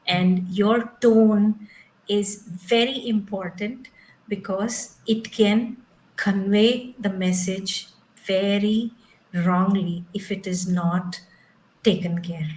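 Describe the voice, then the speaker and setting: A woman leads an online training session over a video call. She speaks slowly and patiently, explaining each step. English is not her first language, and her pitch sits in the middle range. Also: a little mellow, low-quality recording. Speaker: trainer teaching English pronunciation.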